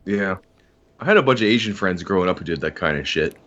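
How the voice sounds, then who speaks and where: A man's voice: sits low, animated, fast talker, fairly bright tone, lo-fi sound. A man guesting on a podcast, rambling casually and swearing offhandedly. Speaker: podcast guest, online video maker.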